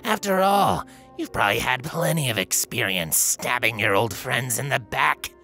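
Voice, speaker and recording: A bitter, battered female griffin, put on by a male reader, drawls her jabs slowly and with a slur, her low voice swinging widely as it mocks. The tone is bright and cutting, with faint music underneath. This is storybook voice acting. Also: wildly swooping pitch, exaggerated voice. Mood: jeering. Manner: sarcastic, jeering, slurred. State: weak, slurring. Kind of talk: fanfiction audiobook voice acting.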